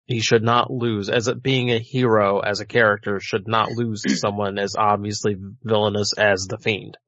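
A man's voice: on the low side, flat delivery, normal speed, a bit bright, dry recording. Wry, rambling man in a casual chat. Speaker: podcast co-host. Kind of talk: casual wrestling prediction chat. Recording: dull lo-fi audio.

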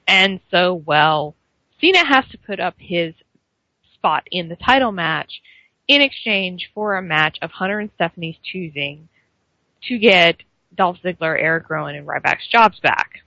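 A woman's voice: on the low side, animated, unhurried, pushed and bright, no echo. A woman co-hosting a wrestling recap show, giving sarcastic, dry commentary. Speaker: wrestling podcast co-host. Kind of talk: casual wrestling recap chat. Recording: dry, muffled lo-fi stream.

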